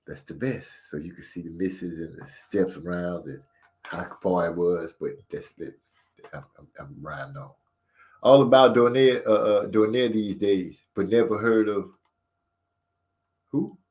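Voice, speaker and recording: A man's voice: deep voice, measured pace, darkish tone. Joking man hosting a live boxing chat. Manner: joking, self-deprecating, reads chat aloud. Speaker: channel host. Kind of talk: casual live-stream chat.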